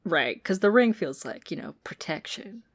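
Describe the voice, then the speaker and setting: Animated woman podcast co-host. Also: medium pitch, normal speed, slightly rough. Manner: animated, laughing, acts out quotes, drops to near-whispers. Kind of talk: casual chat recapping a TV show.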